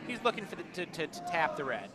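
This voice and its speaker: A man's voice: a little high, very animated, fast talker, a loud crowd, very noisy. A man commenting live on a curling match, chatty and explaining tactics. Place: curling rink with players calling out nearby.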